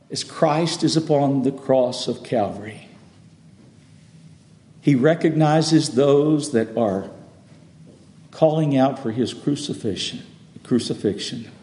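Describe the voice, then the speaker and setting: A male pastor preaching a sermon in a church, halting and repeating words, then swelling to loud emphatic peaks. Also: mid-range voice, animated. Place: church sanctuary. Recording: echoey hall with long reverb.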